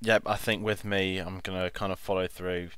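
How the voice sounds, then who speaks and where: A man co-hosting a casual film review chat, enthusiastic and halting, repeating words. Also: low-pitched, little pitch movement, fairly bright tone, smooth, no room sound. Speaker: film club co-host.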